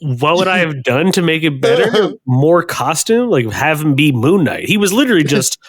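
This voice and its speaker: A man's voice: on the high side, big pitch swings, normal speed, no room sound, clean studio sound. A man co-hosting a casual podcast, talking bluntly and cursing through exaggerated rants. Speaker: podcast co-host. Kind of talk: casual chat.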